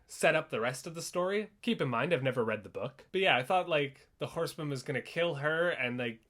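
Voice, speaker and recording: A young man giving sarcastic, animated commentary in a comedic play review. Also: fairly high pitch. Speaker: theater reviewer.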